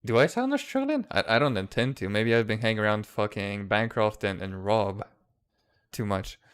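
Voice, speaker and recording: A man's voice: fairly low pitch, animated, normal speed, fairly bright tone, smooth. A man chatting casually in a live stream, laid-back and laughing often, swearing freely. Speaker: comics creator in a live chat. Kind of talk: casual chat. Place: lives outside the United States.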